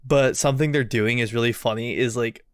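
A man's voice: mid-range voice, steady tone, brisk, clean tone, no echo. A man hosting a casual podcast chat, rambling with lots of fillers and swearing. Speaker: podcast host.

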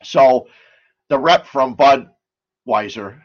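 A man's voice: medium pitch, lively intonation, extremely slow, highs cut off. A man hosting a casual sports and beer talk show, rambling and chatty, full of asides and stories.

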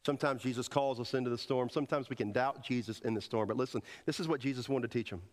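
A man preaching a sermon as pastor, swinging between loud emphatic peaks and hushed quoted lines, and leading the congregation to repeat after him. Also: mid-range voice, steady tone, fast. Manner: leads the congregation in call and response.

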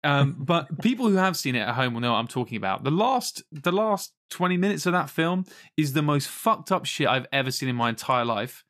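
A man co-hosting a podcast, reviewing a film in casual, animated chat, laughing often and swearing freely. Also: on the high side, a little fast, few pauses. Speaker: podcast co-host.

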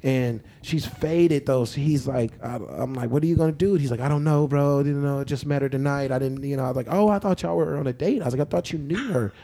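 A young man telling a long story in casual podcast chat, animated and laughing often, acting out what people said. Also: mid-range voice, brisk, few pauses. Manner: animated, laughing, acts out quoted lines. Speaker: podcast co-host.

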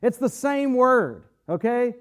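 Teaching a Bible study, this man speaks in a high-pitched, earnest preaching voice with big swings in pitch. Scripture comes out with measured weight, and he stretches key phrases by slowing sharply to stress them.

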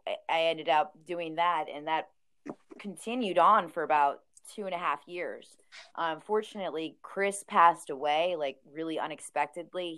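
A woman's voice: low-pitched, a bit bright. A woman who owns a record store, chatting casually as a podcast guest, laughing often and acting out quotes.

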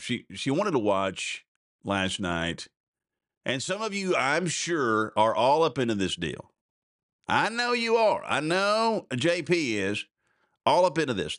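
A man's voice: fairly low pitch, fairly bright tone, no echo. A man hosting a casual radio talk show from a studio, rambling in a folksy way and repeating himself.

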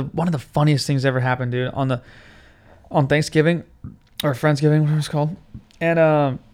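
This young man talks casually and rambles, with plenty of cursing and filler. His voice sits a bit on the high side and comes through smooth and crisp. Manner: loose, profane, rambling storytelling. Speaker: podcast host. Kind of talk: casual monologue.

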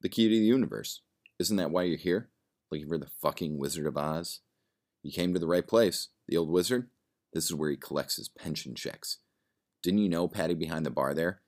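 A man's voice: sits low, a little fast, a little mellow, natural voice. A man voicing a cynical, sardonic man drinking in a bar, swearing and rambling.

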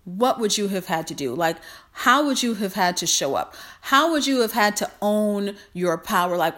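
Woman podcast host, lower voice, warm repetitive pep talk. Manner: affectionate, repetitive, encouraging. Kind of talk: motivational monologue.

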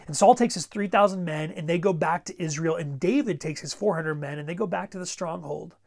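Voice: medium pitch, a little fast, gravelly, darkish tone. A pastor preaching a sermon in a conversational way, repeating words and pressing urgent exhortations.

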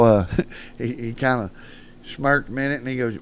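A man's voice: mid-range voice, normal speed, clean tone. A man, a podcast guest telling rambling, folksy stories and laughing through them. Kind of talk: casual storytelling.

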